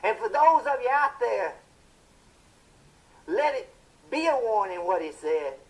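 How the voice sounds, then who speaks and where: An actor playing a fiery male television preacher, delivering a sermon in a booming, impassioned style with drawn-out emphatic phrases. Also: big pitch swings, heavily acted, poor audio.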